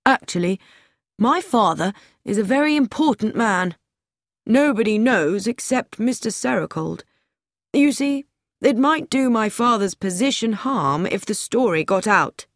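A woman's voice: on the high side, expressive, a little slow, no echo, studio quality. A woman reading an audiobook, voicing an anxious, self-important young man who speaks earnestly and fearfully about being watched. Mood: troubled. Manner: earnest, confiding, growing fearful.

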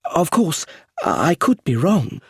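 Picture an audiobook scene: a man puts on a young woman of a rich family, earnest and uneasy, her lines lifted well above his own pitch. The voice stays husky and dry and moves with a lively, rising and falling lilt. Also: slow pace, no echo, exaggerated voice. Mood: reflective. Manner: earnest, uneasy, quietly intense.

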